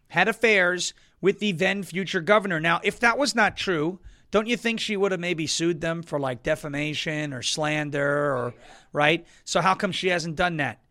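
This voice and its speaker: A man from Long Island, New York, hosting a political talk show with wisecracking, sarcastic commentary and bursts of loud emphasis. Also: sits high. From Suffolk County, New York, US.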